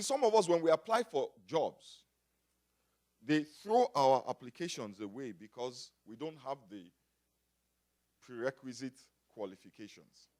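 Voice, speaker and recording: A man from Africa preaching a sermon, moving from quiet talk to loud shouting and calling out to the congregation. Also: on the high side. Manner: builds from quiet to shouting, call and response. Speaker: pastor.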